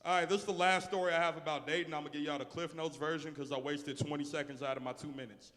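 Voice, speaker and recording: A man's voice: on the high side, steady tone, fast, fairly bright tone. Brash, profane man doing stand-up with echo. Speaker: comedian. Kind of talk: stand-up set on a livestream.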